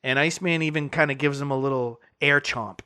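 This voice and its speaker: A man's voice: on the high side, fairly even intonation, a little fast, sharp tone, clear, resonant tone, no room sound, studio quality. Jokey man reviewing movies. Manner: jokey, laughs often. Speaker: podcast co-host. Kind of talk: casual movie review chat.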